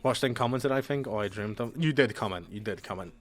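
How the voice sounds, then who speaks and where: A man's voice: medium pitch, fast talker. Chatty British-sounding male streamer. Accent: British-sounding English. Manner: chatty, loose and profane, answering chat messages. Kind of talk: casual chat with stream viewers while gaming. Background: faint background music.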